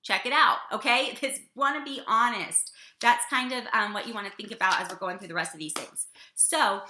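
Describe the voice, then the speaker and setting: A woman giving an energetic business coaching talk to her team, often checking in with "okay?". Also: mid-range voice. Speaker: business trainer. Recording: echoey room.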